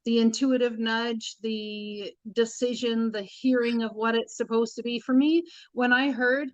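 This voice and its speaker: A woman's voice: a little high, fairly even intonation, moderate pace, hardly any pauses, no room sound. Earnest woman tarot host, dry lo-fi sound. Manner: earnest, emphatic, acts out quoted inner voices. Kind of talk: casual spiritual chat on a livestream.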